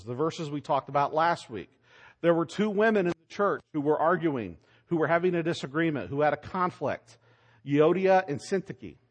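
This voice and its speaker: Emphatic male preacher, fairly high voice. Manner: emphatic, rhetorical questions, swings between loud and soft. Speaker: pastor. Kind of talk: sermon.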